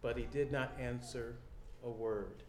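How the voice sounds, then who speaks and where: A man preaching a sermon in an animated way, acting out people's reactions and repeating his key lines. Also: medium pitch, a little slow. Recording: echoey room.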